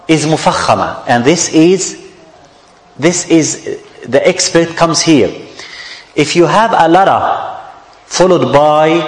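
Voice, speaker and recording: A man's voice: fairly high pitch, reverberant, big-room sound, poor audio. A man teaching a tajweed lesson, repeating each example word patiently to his students. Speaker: Quran recitation teacher.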